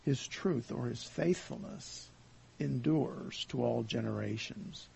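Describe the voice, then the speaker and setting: A man with a heavily gravelly, husky voice works through a Bible passage line by line. He speaks slowly and deliberately, pausing often. His voice sits at an ordinary middle pitch. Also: darkish tone. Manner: slow and deliberate, with many pauses and fillers. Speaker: Bible teacher. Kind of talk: verse-by-verse Bible lesson.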